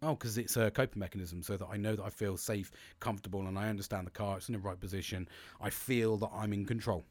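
A man's voice: on the low side, steady tone, fast talker, a little mellow, dry recording. A man hosting a podcast, talking frankly and casually about coping and mental health, swearing freely and restarting his sentences. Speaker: podcast host.

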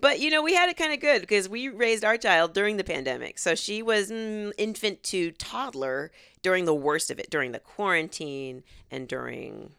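A woman's voice: medium pitch, animated, normal speed, gravelly, few pauses, fairly bright tone, clean tone, no room sound, clean studio sound. A woman in her thirties co-hosting a comedy podcast, chatting playfully, mimicking pronunciations and laughing often. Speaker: podcast co-host. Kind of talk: casual comedic chat.

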